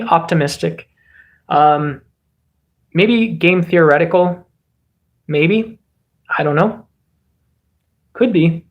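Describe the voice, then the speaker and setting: A man's voice: on the high side, slow, long pauses. A man from the United States giving casual political commentary as a streamer host, rambling along and often restarting his sentences. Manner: rambling, many fillers and restarts.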